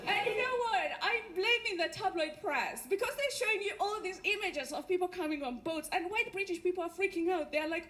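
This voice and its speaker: A woman's voice: very high-pitched, fairly quick, few pauses, a bit bright. A woman with a Kenyan accent performing a wry stand-up comedy set on a theatre stage. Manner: wry, punchline-driven delivery. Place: theatre stage before a laughing audience. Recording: live theatre recording with faint noise.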